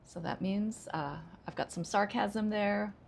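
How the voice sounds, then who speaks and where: An American woman who teaches English as a second language, speaking each model sentence slowly and with exaggerated intonation. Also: medium pitch, creaky, a little hiss or hum. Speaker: ESL teacher. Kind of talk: pronunciation lesson.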